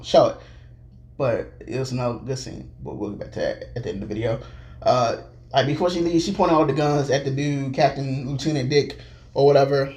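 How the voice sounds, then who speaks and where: A man giving an excited, rambling and scattered casual recap, talking loosely and jumping around. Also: mid-range voice. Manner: loose, filler-heavy talk with restarts. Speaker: show recap vlogger.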